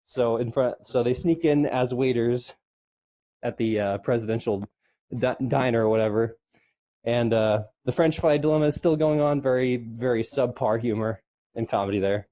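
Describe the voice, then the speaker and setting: On a lo-fi recording, a podcast co-host recaps an episode in a dark-toned voice at a moderate pace. He rambles casually, leaning on fillers, and slips into a squeaky falsetto whenever he quotes the characters.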